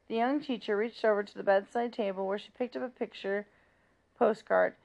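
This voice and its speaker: A woman's voice: mid-range voice, a little fast, vocal fry, muffled recording. Woman reading a children's book aloud. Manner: steady, plain narration with small slips. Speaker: reader.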